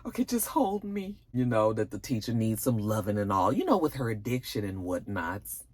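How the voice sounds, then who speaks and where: A woman casually recapping a TV episode, cursing and acting out the characters' lines. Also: a little fast. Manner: animated, profane, acts out characters' lines with big pitch jumps. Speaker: TV review vlogger.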